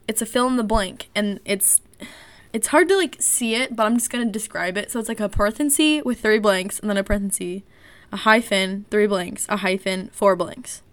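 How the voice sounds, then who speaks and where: A young woman in casual chat, reading dating-app messages aloud with animated, giggly storytelling. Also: medium pitch, dry recording.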